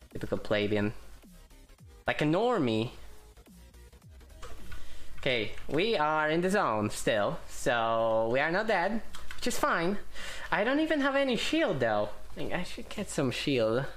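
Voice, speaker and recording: A man who is not a native English speaker, rambling and joking as he plays and talks over a game. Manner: rambling, jokey, swears at the game, lively swings in pitch. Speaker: gamer streamer. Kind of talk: casual gameplay commentary.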